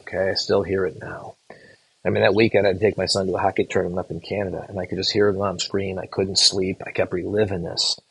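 Middle-aged guy teaching, lowish gravelly voice, earnest and halting, keeps restarting words. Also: level tone, no room sound, rough recording. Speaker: physician assistant educator. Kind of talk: storytelling lecture to students.

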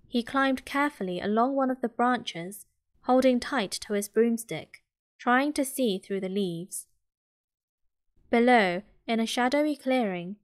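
A woman with a British accent reading a storybook aloud in a soft, gentle ASMR style. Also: a little high. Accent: British English. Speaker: audiobook reader.

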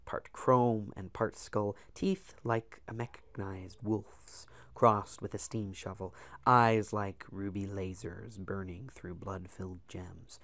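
A man reading a science fiction novel aloud as a storyteller, with measured, dramatic emphasis. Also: on the low side, vocal fry, no echo.

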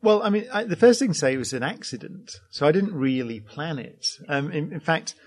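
A man who is a scientist, giving measured, reflective answers as a podcast interview guest. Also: a little high, sing-song.

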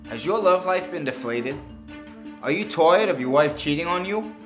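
A brash, foul-mouthed man with a thick Boston accent delivers a comedy sales pitch. His pitch climbs and swings all over the place, and music plays clearly underneath him. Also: lively intonation, normal speed, a bit bright. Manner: brash, crude and boastful. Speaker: inventor pitching to investors.

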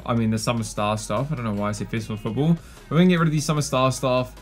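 A man talks through a mobile football game in a loose, rambling way, his voice a little worn and hoarse. His pitch sits in an ordinary middle range. Faint music plays underneath. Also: steady tone, rapid-fire. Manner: chatty, laid-back, rambling. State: slightly losing his voice. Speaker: gaming YouTuber. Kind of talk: casual gameplay commentary.

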